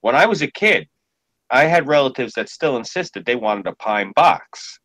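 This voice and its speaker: A man's voice: medium pitch, expressive, moderate pace, fairly bright tone, no room sound, poor audio. A man in casual podcast chat, telling stories in a blunt, profane way.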